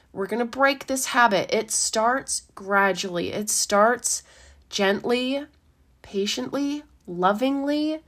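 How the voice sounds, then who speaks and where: A woman, a life coach giving a gentle, encouraging talk with a slightly dry throat, who laughs often and acts out inner voices. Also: medium pitch. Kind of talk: casual motivational talk.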